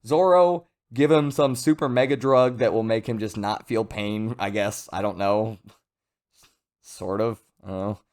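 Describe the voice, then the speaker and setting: A man giving a casual, rambling video review of a comic chapter, chatty and lively. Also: lowish voice, unhurried. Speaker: manga reviewer.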